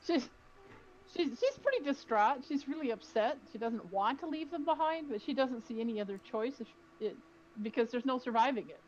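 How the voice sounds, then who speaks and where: A woman player chats casually through a tabletop game and describes her character as she goes. Her voice is high, and the audio sounds dull and lo-fi. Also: lively intonation, normal speed, a little mellow.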